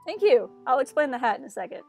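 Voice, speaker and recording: A giggly, chatty woman streaming a farming game and talking to her viewers, with a slightly high voice. She pokes fun at herself, and quiet game music runs behind her. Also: big pitch swings, quick pace, vocal fry. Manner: giggly, chatty, self-mocking. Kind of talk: casual live-stream chat.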